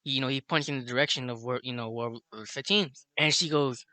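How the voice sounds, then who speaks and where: A man's voice: mid-range voice, fast, few pauses, pushed and bright, dry recording. A young man from Chicago telling a rambling, profanity-laden story in a casual monologue, laughing at his own tale.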